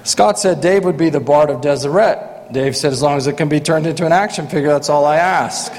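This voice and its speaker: In a large hall with long reverb, a man introduces panel members lightheartedly, dropping in dry joking asides. His voice is fairly high in pitch with a darkish tone.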